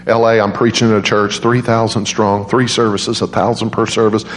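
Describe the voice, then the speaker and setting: A man preaching a sermon as a guest speaker, telling stories in an animated way and leaping into high voices for quoted people. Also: moderate pace, slight background noise. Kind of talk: storytelling sermon. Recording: roomy church echo.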